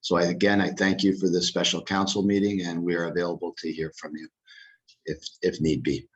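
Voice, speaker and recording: A man speaking as a lawyer to a town council, measured and formal, with the odd restart. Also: low voice, little pitch movement, lo-fi sound.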